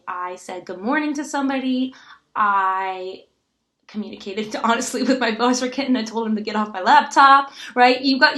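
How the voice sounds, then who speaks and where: A woman teacher recording an online lesson for children, animated and full of gasps and rhetorical questions. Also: on the high side.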